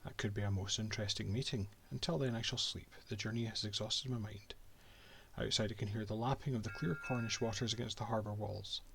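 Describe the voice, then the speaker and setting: A man's voice: lowish voice, fairly even intonation, brisk, creaky, a bit bright, slight background noise. A Scottish man voicing a haughty male cartographer and reading his old-fashioned diary aloud from a game.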